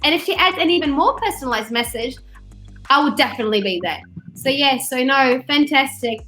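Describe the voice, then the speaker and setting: High-voiced chatty woman hosting a webinar. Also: fairly quick, soft background music. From not from Australia; studied there. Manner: animated, chatty, acts out quotes. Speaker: webinar host. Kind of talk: casual webinar talk. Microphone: video call.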